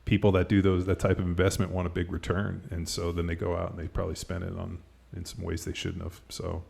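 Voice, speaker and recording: A middle-aged man hosts a podcast in loose, casual chat, circling his points with plenty of "like" and a stray curse. His voice sits very low with a gravelly edge. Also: monotone, fast talker, a little mellow. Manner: rambling, heavy use of "like", casual swearing. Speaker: podcast host.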